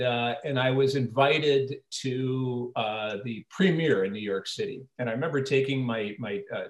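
An older man, an actor interviewed as a guest, telling long rambling anecdotes with many restarts and acting out the quoted lines. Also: mid-range voice. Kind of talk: casual storytelling interview. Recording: roomy echo.

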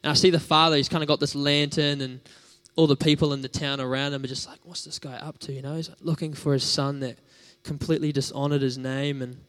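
A man's voice: on the high side, little pitch movement, quick pace, hardly any pauses, a bit bright. A man preaching a sermon in a conversational, storytelling way, with casual fillers.

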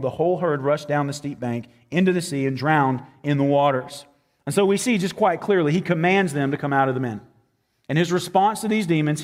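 A man's voice: on the high side, a little mellow, big-room sound. A man preaching a sermon in a casual, conversational way, with fillers and quotes he acts out. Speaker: pastor.

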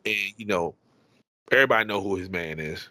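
A young podcast co-host jokes and teases in relaxed banter. His voice sits fairly low but has a bright, forceful edge. The recording is dry and close. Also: fairly quick, dry recording, poor audio. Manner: teasing, laid-back, joking. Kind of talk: casual hip-hop podcast banter.

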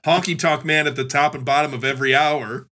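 A man in casual podcast chat who riffs with quick joking questions. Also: fairly high pitch, steady tone, pushed and bright. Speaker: podcast co-host.

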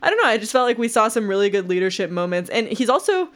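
A young woman co-hosts a podcast in a loose, chatty way, full of "like" and "um" and quick to laugh. Her talk rambles easily between the book and her own life. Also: mid-range voice. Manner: chatty, uses many fillers, laughs easily. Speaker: podcast co-host. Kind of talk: casual book-club chat.

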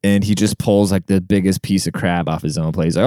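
A man's voice: low-pitched, fairly even intonation, a little fast, mellow, smooth, dry recording, studio quality. A young man talking casually through a personal story, rambling with lots of filler words and swearing, earnest and emotional.

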